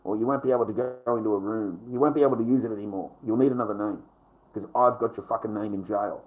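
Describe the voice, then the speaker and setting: A man's voice: fairly low pitch, steady tone, fast talker, a little mellow, low-quality recording. A middle-aged man with an Australian accent, ranting brashly and combatively on a livestream and swearing constantly. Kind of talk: profane livestream rant.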